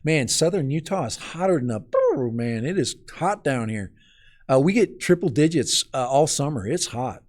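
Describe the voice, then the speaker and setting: A man's voice: on the high side, animated, moderate pace, darkish tone. A man from Minnesota hosting a live stream outdoors in the cold, chatting casually and rambling as he talks straight to his viewers.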